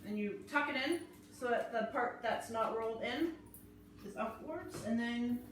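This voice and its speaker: A woman's voice: fairly high pitch, measured pace, over music. A woman hosting a live cooking class, chatting her way through each step as she chops and prepares food in a kitchen. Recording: very echoey room, mic far off.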